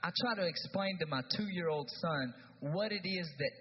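A youth pastor in his thirties preaching a conversational sermon in a church, moving between hushed and loud. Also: high-pitched, moderate pace. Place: church sanctuary. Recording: dull sound with long hall reverb, faint noise.

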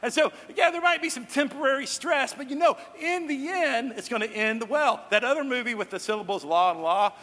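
Man, pastor, conversational sermon, high voice, long reverb of a church hall. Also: brisk, hardly any pauses, sharp tone. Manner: conversational, joking asides to the congregation.

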